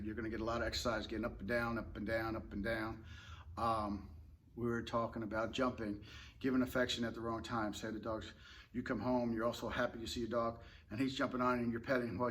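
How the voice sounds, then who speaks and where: A man who trains dogs, talking in a relaxed, rambling way and explaining tips casually with fillers and restarts. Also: medium pitch, quick pace, a little hiss or hum. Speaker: dog trainer. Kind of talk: casual instructional talk.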